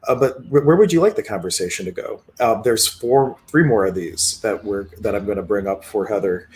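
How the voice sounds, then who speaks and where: A man's voice: lowish voice, a little fast, a little hiss or hum. A man hosting a casual livestream chat, easygoing and chuckling as he tells stories. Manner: easygoing, chuckles often, relaxed storytelling. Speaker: host.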